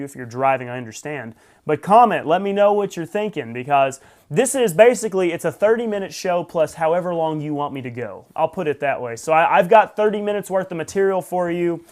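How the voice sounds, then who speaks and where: A man hosting a live morning stream, chatting casually, greeting viewers by name and adding wry asides. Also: fairly high pitch. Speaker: host.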